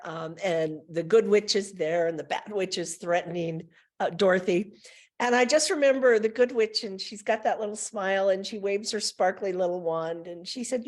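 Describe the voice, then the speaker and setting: Woman calmly sharing a personal story. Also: medium pitch. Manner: reflective, tells personal stories with pauses.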